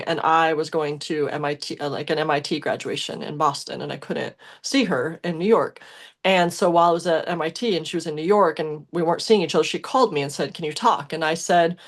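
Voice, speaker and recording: A young adult woman co-hosting a podcast talks fairly quickly in a lowish voice, casually telling the story of a past relationship. She's emotional and rambling, full of fillers, restarts, and self-corrections.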